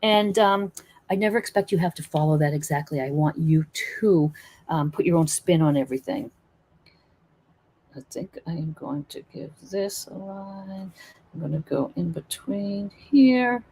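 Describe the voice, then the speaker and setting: A woman's voice: lowish voice, a little slow, warm tone, slightly rough. A woman teaching acrylic painting in a live stream, chatting and encouraging while she works. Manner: chatty, encouraging, thinks aloud while working.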